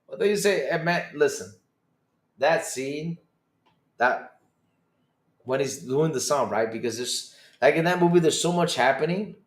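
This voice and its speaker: A man hosts a laid-back podcast that plays like a livestream, reacting to chat comments; his voice sits a little high and sounds animated, though he talks a bit slowly with long pauses. He rambles, repeats himself, and swears and laughs a lot.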